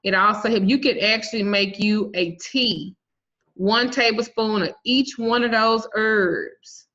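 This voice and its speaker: A woman, an herbal and spiritual teacher, runs a casual online herb class in a blunt, bawdy, profane style, joking as she teaches and spelling herb names out letter by letter. Her mid-range voice is fairly bright and a little slow, and the sound is muffled and lo-fi.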